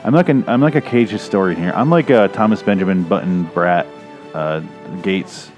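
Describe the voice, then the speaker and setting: Man, sarcastic movie commentary, crude, rambling, lowish voice, faint music. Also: normal speed, darkish tone. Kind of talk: casual profane movie commentary. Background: movie audio playing.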